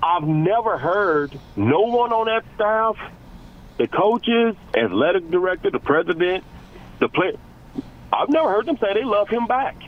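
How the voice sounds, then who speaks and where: A man calling into a sports radio show, ranting excitably and stumbling over repeated words. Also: high-pitched, measured pace, phone-quality sound, slight background noise. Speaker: caller.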